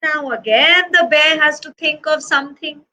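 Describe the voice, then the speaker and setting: A woman telling a story to young children at a preschool, animated and speaking to them directly. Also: high voice, normal speed, poor audio.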